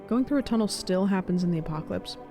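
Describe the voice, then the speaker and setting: A woman's voice: medium pitch, lively intonation, fast, warm tone, soft background music. A woman streaming a game, chatting casually and thinking aloud.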